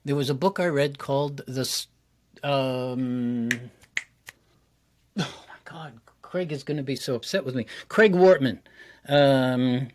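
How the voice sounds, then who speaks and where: A man who coaches public speaking, a guest in an interview, talking with energy and acting out his examples. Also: medium pitch. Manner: energetic and quick, acts out examples.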